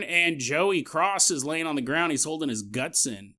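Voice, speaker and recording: A man hosting a podcast, telling a story in a casual, animated, jokey way and acting out the sound effects and the quotes himself. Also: fairly high pitch, normal speed, hardly any pauses. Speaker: podcast host.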